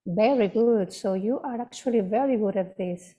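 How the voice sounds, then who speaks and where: A woman's voice: medium pitch, normal speed, mellow. A woman with a Mexican Spanish accent teaching an online English class, encouraging and checking in with students often. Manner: encouraging, checks with "right?" and "okay?". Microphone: video call.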